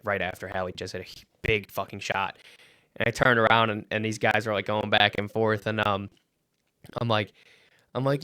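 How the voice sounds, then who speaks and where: A man co-hosting a casual sports podcast at a middling pitch, recorded dry and close. He tells stories with energy, swears freely and acts out what others said in a louder, higher voice. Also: clean tone, no echo. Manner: animated storyteller, swears freely, acts out quotes loudly. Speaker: podcast co-host.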